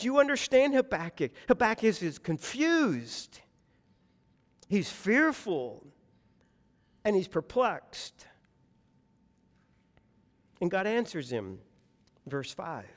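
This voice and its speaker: High-voiced guy preaching, all fired up, acting out prayers, lots of echo in the church. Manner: impassioned, voices anguished prayers, repeats phrases. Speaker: pastor. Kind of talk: sermon. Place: church sanctuary. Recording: long hall reverb.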